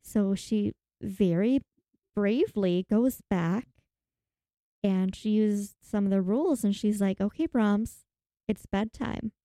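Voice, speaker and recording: A woman recapping a horror movie in casual chat, animated and dramatic, acting out the characters' lines. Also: mid-range voice, slow, no echo, studio quality.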